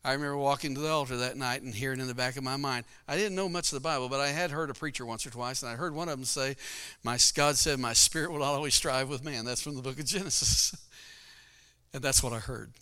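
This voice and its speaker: A man's voice: medium pitch, fast talker, bright, forceful tone, smooth. A middle-aged male pastor giving a folksy testimony sermon, telling his story with frequent laughs.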